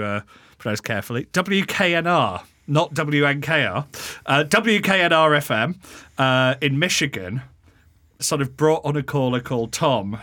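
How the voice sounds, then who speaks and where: A man with a bright, forward tone walks through a tale in relaxed conversation. He hedges with fillers and chuckles along the way. The recording is close and dry. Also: mid-range voice, dry recording. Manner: amused, laughs often, hesitant fillers. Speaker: podcast co-host presenting a topic. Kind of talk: casual conversational storytelling.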